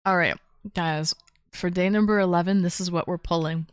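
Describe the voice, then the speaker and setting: A full-time streamer from Toronto, Canada, chats casually on a livestream from her small-town home, unboxing gifts and answering viewers in chat. Her voice is fairly low, steady, and clean at a moderate pace. The recording is dry and studio quality.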